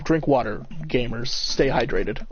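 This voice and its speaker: A man's voice: mid-range voice, animated, measured pace, background noise. A young man streaming a game, joking, emotional and casual as he reads dialogue aloud. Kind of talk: gameplay commentary, reading dialogue aloud. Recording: dull lo-fi mic, faint music.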